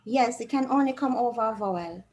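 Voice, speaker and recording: A woman's voice: a little high, fairly quick, darkish tone, slight background noise, low-quality recording. A woman with a Jamaican accent teaching a Spanish lesson to students in an online class, explaining patiently step by step.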